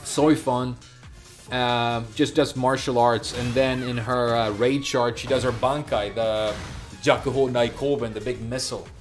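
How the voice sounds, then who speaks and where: A man's voice: medium pitch, steady tone, unhurried, faint music behind. A man from Sweden, chatting casually as a game streamer, rambling from one thought to the next and answering his chat.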